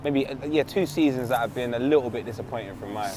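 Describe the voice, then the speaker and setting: A man with a London accent co-hosting a casual football chat, excitable, with loud outbursts and quiet asides. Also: medium pitch, fast talker, noisy background. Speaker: podcast co-host.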